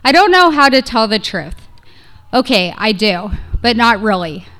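Female reader, relaxed and informal, raised pitch, smooth tone. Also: a little slow. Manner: casual, hesitant introduction with fillers. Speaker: essay reader. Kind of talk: reading a personal essay aloud.

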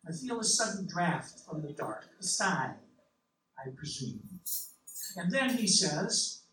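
A man reading a literary novel in the first person, with a measured, reflective delivery. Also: high voice, expressive, pushed and bright. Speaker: audiobook narrator. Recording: roomy, distant mic, faint hiss.

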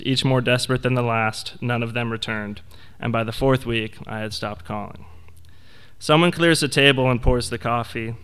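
Young man, bright crisp voice, wry essay reading. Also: medium pitch. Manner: wry, reflective storytelling. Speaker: essay reader. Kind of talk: reading a personal essay aloud.

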